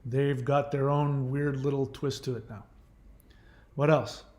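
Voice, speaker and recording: A man's voice: medium pitch, steady tone, a little slow, darkish tone, reverberant. A man hosting his own channel, chatting casually and rambling through trivia with lots of fillers and self-corrections. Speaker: channel host. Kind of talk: casual live-stream chat.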